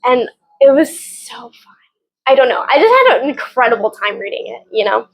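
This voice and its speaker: A woman's voice: a little high, big pitch swings, moderate pace, vocal fry, lo-fi sound. A woman reviewing books in a casual, rambling chat at home, gushing about what she read and swearing now and then. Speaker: book reviewer.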